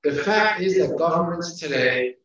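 A man teaching a class in a slightly high voice, counting off his points one by one and hammering key phrases through repetition. He sounds distant from the mic in a very echoey room, and the sound is dull. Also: expressive, moderate pace, a bit bright, slight background noise. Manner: emphatic, repeats key phrases.

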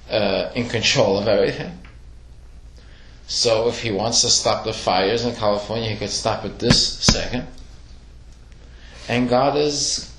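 A man's voice: medium pitch, fairly bright tone, a little hiss or hum. A man teaching a Torah lesson to a class, asking questions and telling stories with acted-out quotes. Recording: echoey room.

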